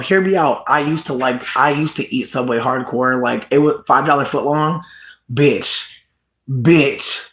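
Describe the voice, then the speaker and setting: Casual livestream host, mid-pitched, profane and animated, swings into squealing laughter, echoey room. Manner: animated, profane, bursts into high laughing shouts. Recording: roomy echo.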